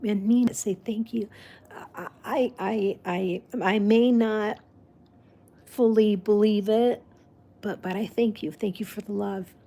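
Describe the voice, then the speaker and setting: A woman whose first language is Spanish, chatting casually and rambling warmly with frequent restarts and laughs. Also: medium pitch, gravelly, husky. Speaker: vlog host. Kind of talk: casual chat.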